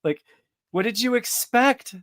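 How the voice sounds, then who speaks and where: A man's voice: very high-pitched, lively intonation, measured pace, fairly bright tone, no echo, clean studio sound. Amused, laid-back man on a podcast. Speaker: podcast co-host. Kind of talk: casual podcast chat.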